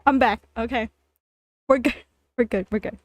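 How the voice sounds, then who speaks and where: A woman's voice: a little high, moderate pace, no room sound. A woman streaming casually, reading viewer stories aloud and reacting with frequent laughter and repeated phrases. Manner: giggly, laughs often, repeats herself. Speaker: vtuber streamer. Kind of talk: casual livestream reading and commenting.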